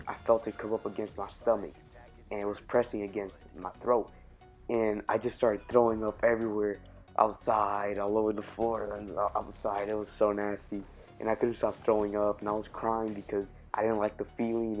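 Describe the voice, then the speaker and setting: Young man, lowish voice, loose chatty storyteller who corrects himself, light music bed. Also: darkish tone. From Cuban family. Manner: rambling, filler-heavy, self-correcting. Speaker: YouTube storyteller. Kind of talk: casual storytime vlog.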